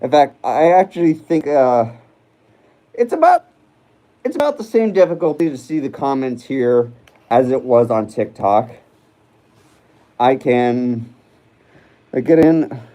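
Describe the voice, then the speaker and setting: A man hosting a relaxed livestream, his voice mellow and soft-edged. He wanders from thought to thought, stopping and restarting with plenty of ums while he answers the live chat. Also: medium pitch, unhurried, pauses often, poor audio. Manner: rambling and hesitant, many fillers and restarts; chats with viewers while reading live comments. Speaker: livestream host.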